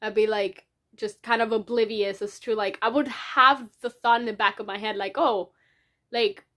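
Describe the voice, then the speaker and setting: A young woman talking to her camera in a casual diary vlog while crying, rambling in halting phrases with many restarts. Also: medium pitch, fairly even intonation, bright, forceful tone. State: tearful, crying. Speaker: vlogger. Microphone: camera in front of her.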